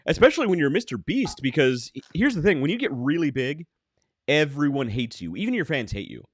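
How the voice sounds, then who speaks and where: A man's voice: fairly high pitch, very animated, brisk. A man co-hosting a casual podcast, joking and telling stories animatedly. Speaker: podcast host.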